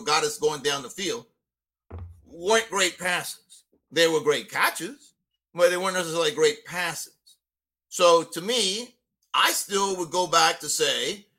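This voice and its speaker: High bright fired-up man ranting. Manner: fired-up, blunt, fond of "you know". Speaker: co-host giving a weekly rant. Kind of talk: casual sports podcast rant.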